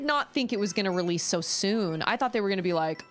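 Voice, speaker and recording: Animated woman streamer chatting while gaming. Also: mid-range voice, soft background music. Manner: chatty, animated, quick to exclaim. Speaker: game streamer. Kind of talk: live-stream gaming commentary.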